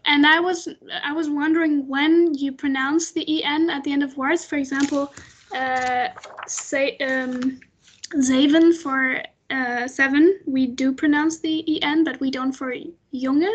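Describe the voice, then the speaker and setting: A woman student asks a question in class, pausing often to find her words. Her voice is high and flat in tone, and the recording sounds dull and lo-fi. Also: slight background noise. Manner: hesitant, searching for words.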